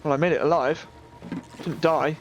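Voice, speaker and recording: A young British man chatting excitedly as he streams a game, laughing often and reacting out loud. His voice sits fairly high. Faint game music plays under his talk. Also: moderate pace. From Britain. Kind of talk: casual gameplay commentary.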